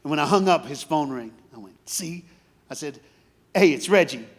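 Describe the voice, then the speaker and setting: Guy preaching a sermon, kinda high voice, chatty stories then loud shouting. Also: animated, moderate pace. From grew up in foster care. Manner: storytelling, swings from quiet asides to shouted preaching. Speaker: guest preacher.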